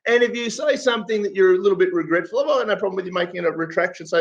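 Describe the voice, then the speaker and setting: A man's voice: high-pitched, expressive, racing, few pauses. An irate Australian man ranting and swearing in casual talk. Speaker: guest commentator. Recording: muffled lo-fi audio.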